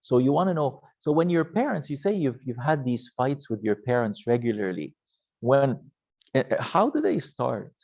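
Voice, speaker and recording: A man lecturing a youth ministry class in a gentle, halting way, often restarting his sentences. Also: medium pitch, lively intonation, vocal fry, lo-fi sound.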